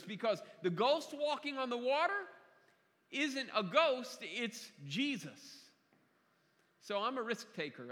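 A man's voice: sits high, sharp tone, long reverb tail. A man preaching a sermon to a congregation in a conversational way, repeating key phrases and often restarting his sentences. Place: church sanctuary.

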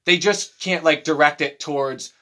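A man with a bright, ringing voice that sits a little high, swearing freely as he tells his stories. He slips into mocking voices to act out the people in them, and he keeps the talk loose and lively. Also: moderate pace. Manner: profane, animated storytelling with mocking voices. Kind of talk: casual chat.

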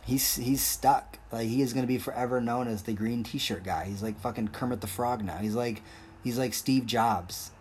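A man's voice: medium pitch, normal speed, a little mellow, a little hiss or hum. A young man hosting a solo podcast, rambling and joking in a crude, casual way. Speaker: podcast host.

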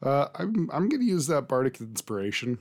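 A man's voice: mid-range voice, big pitch swings, brisk, darkish tone. A man playing in a tabletop game, cracking jokes between rolls. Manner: joking, wisecracking. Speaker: player. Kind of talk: casual tabletop play.

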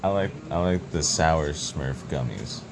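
A man's voice: very deep voice, animated, unhurried, creaky, noisy background. A man co-hosting a podcast, tossing in dry, absurd one-liners. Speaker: podcast co-host. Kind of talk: absurd comedic banter.

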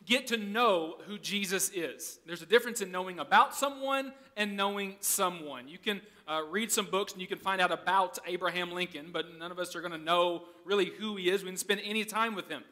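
American man, pastor giving a sermon, high voice, chatty storytelling. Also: sharp tone. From United States. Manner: conversational storytelling, keeps asking "okay?".

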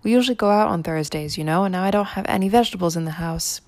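A woman voicing a sweetly bright, anxious young housewife in a read-aloud story, with a gravelly edge. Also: on the low side, rapid-fire, no echo, close to an everyday voice. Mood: cheerful.

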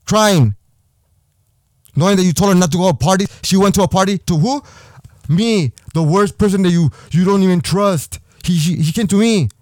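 On his podcast, a young man with a high voice rants angrily about personal matters, repeating himself and swearing in a heated way. He talks fairly quickly, with a slightly mellow tone, and the recording is close and dry without any room echo.

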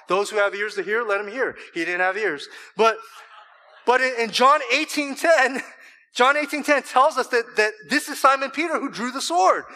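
A man preaching a sermon, animated, acting out scripture quotes with emphasis and joking with the congregation. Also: high voice, low-quality recording. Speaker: pastor.

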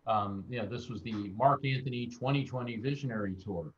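A man's voice: mid-range voice, a little fast, slight background noise. American guy spinning stories in an interview, does little voices for folks, kinda muffled audio. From United States. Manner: animated anecdotal storyteller, acts out quotes. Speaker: guest medium and author. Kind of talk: interview storytelling.

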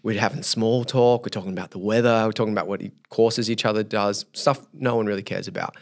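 A man's voice: fairly low pitch, fast. A young man, a youth leader telling a story as a podcast guest, acting out his own thoughts as he goes. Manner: animated storyteller who acts out his own inner thoughts.

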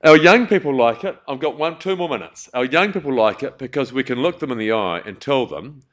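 A man's voice: medium pitch, animated, a little fast, a bit bright. Chatty New Zealand man telling stories. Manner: chatty, rambling, self-aware asides. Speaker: community charity speaker. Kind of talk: storytelling talk to an audience.

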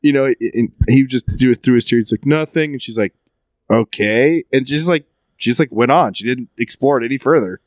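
A man in his thirties telling animated stories in a casual chat, laughing often. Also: medium pitch, a little fast, hardly any pauses, no room sound.

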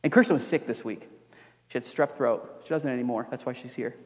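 A young man preaching a sermon as pastor, earnest, moving between emphatic preaching and quiet, confiding storytelling. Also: mid-range voice, brisk. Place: church sanctuary. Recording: long reverb of a church hall.

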